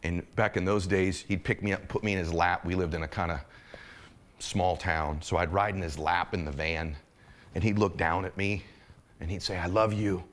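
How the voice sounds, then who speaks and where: A middle-aged man giving a motivational speech, impassioned and swinging between urgent and hushed, intimate moments. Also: low-pitched, steady tone, moderate pace. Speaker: motivational speaker.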